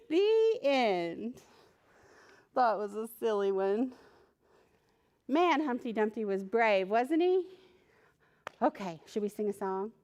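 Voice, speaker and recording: A children's librarian reading a picture book aloud to preschoolers, animated and asking the children questions. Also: female voice, medium pitch.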